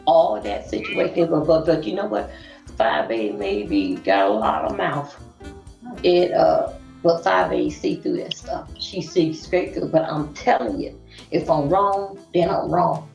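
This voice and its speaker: A woman's voice: on the low side, measured pace, vocal fry, darkish tone, roomy sound, lo-fi sound, faint music behind. A woman from Florida, rambling through casual commentary on a group call.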